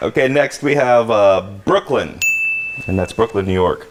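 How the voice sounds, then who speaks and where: A man's voice: fairly low pitch, moderate pace. A man hosting a live comedy game show, upbeat and joking. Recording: loud live audience and noise. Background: loud audience laughter and noise.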